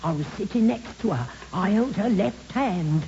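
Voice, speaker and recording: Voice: medium pitch, expressive, normal speed, warm tone, lightly acted. Someone doing a blunt, cheeky old-fashioned housekeeper. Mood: gossipy. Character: blunt working-class Victorian housekeeper, woman, middle-aged. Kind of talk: comic radio-play acting. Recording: dull lo-fi recording with hiss.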